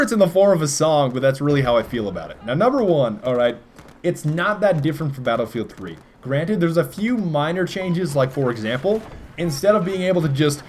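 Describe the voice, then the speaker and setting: Young man, jokey gameplay commentary, animated fairly high voice, faint game noise behind. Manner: jokey, lively, breaks into silly voices and song. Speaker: gaming commentator.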